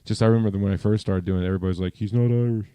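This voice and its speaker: A male podcast host talking casually with a low, very dark, mellow voice. He rambles, repeats words, and pokes fun at himself. The sound is dry and close. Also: fairly even intonation, racing, clear, resonant tone, dry recording. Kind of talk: casual chat.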